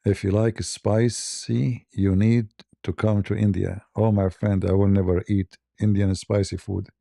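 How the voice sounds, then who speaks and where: Gravelly dark-voiced man chuckling through a story. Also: on the low side, level tone, a little slow, no echo, clean studio sound. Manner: chuckling, broken English, many restarts. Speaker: host. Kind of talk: casual storytelling on a live stream.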